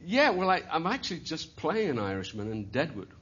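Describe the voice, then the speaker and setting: A man's voice: on the high side, wildly swooping pitch, a little fast, a bit bright, slightly rough. A Scottish man, a guest actor, chatting easily on a talk show, with laughs between his answers. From Scotland. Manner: chatty, laughs between lines, restarts often. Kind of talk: casual chat show conversation. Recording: dull lo-fi TV recording with faint hiss.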